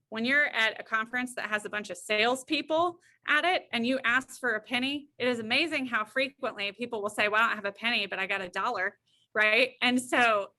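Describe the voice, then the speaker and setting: A middle-aged woman, a guest counselor, telling an anecdote and acting out the voices in it. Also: a little high. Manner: lively, acts out the voices in her stories. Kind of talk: anecdotal storytelling.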